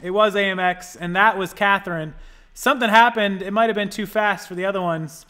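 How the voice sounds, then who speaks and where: A man's voice: high voice, steady tone, fairly quick, bright, forceful tone, clean tone. A man hosting a casual livestream, rambling and thinking aloud as he adjusts settings and thanks viewers for donations. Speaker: livestream host. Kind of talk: casual live-stream chat.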